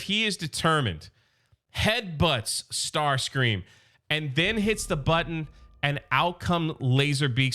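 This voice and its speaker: A man recapping a story for his channel, excitable and openly a fan. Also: a little high, smooth. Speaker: YouTube reviewer.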